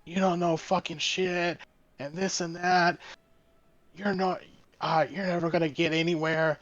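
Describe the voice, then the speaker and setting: A man's voice: a little high, flat delivery, a little slow, fairly bright tone, dry recording, dull audio. A man voicing a furious male customer who screams insults and threats. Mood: yelling.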